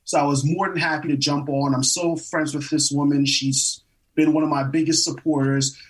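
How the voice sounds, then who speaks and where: Lively laughing man telling stories. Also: on the high side, moderate pace, far from the mic, poor audio. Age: 20s. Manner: animated, laughs often, acts out quotes. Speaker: guest actor. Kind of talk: casual interview storytelling.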